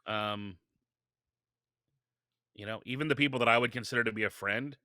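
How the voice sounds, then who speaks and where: A podcast guest tells stories with energy in casual interview talk, often starting his sentences over. His mid-range voice moves at normal speed, recorded with studio quality and no echo.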